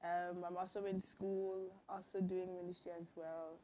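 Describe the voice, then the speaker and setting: Young woman guest, lower voice, open storyteller, faint hiss behind. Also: little pitch movement, measured pace, warm tone. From grew up abroad, Ghanaian parents. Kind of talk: casual chat.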